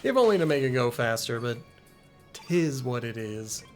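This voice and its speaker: A man's voice: mid-range voice, very animated, moderate pace, faint music behind. A man casually streaming a game, talking in laid-back asides.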